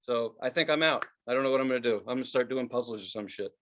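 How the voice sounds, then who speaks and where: An American man co-hosts a podcast, talking fast in a medium pitch through a casual, swear-heavy rant. He's animated, and he raises his voice to mock-quote advertisers. The recording has its highs cut off and a little background noise.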